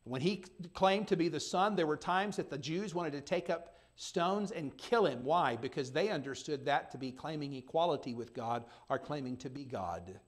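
A male pastor preaching a sermon, with talk that swings between soft and loud, reading old-fashioned scripture and turning to his congregation with conversational asides. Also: on the high side, expressive, normal speed, few pauses.

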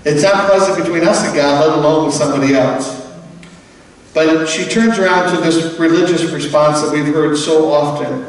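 A man's voice: on the high side, moderate pace. Preaching man in an echoey hall. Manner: conversational, animated preaching with quoted voices. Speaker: pastor. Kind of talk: sermon. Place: large church hall. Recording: echoey church hall, from far off.

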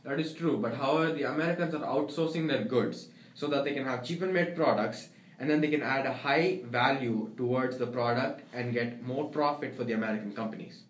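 A man's voice: medium pitch, fairly quick, natural voice. Brief: young man as an eager, fact-reciting applicant, roomy sound. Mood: earnest. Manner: earnest, reciting facts in long runs. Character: earnest male job applicant Raj. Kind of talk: amateur comedy sketch acting. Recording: roomy, faint background noise.

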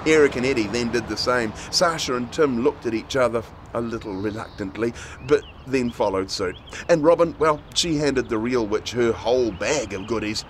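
A man reading a children's story aloud in a playful, expressive way. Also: mid-range voice, normal speed, slight background noise.

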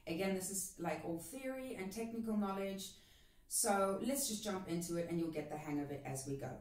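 A woman teaching a cajon lesson in a casual, encouraging way, counting the rhythm out loud as she plays. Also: medium pitch, moderate pace. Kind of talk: video lesson. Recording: roomy and distant, with cajon playing.

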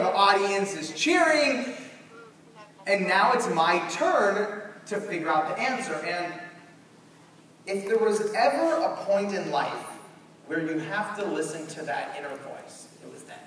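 Young male keynote speaker, high lively voice, echoey far-off hall sound. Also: unhurried. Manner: animated, acts out quotes. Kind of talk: storytelling keynote. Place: large conference hall.

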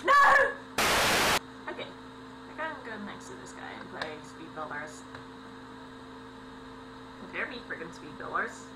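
Recorded at home with a mains hum in the background, this young female gaming host delivers an excitable let's-play, breaking into yelps and laughs. Her voice is fairly low, and she speaks unhurriedly with frequent pauses.

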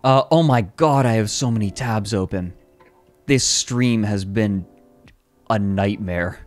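A man's voice: lowish voice, slow pace, soft background music. Laughing man chatting on a stream. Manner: laughs often, exclaims loudly, reads chat aloud. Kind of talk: casual stream chat.

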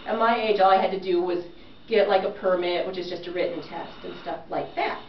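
Animated woman storyteller, distant in a roomy space. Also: lowish voice, brisk. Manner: animated, self-mocking, acts out quoted lines. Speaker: speaker telling a personal story. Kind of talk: humorous personal storytelling to listeners. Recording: roomy, distant, dull recording with faint hiss.

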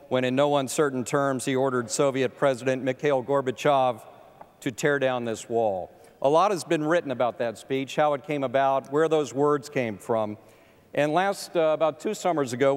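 A man moderating a panel, reading a careful, deliberate introduction of his guest. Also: mid-range voice. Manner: deliberate, quotes passages carefully. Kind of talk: formal introduction, reading prepared remarks. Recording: echoey hall.

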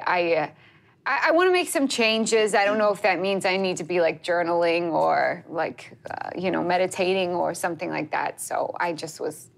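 A woman's voice: lowish voice, vocal fry, pitched below the performer's own voice. Rambling, emotional woman, as a player voices her. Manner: rambling, self-deprecating, excitable.

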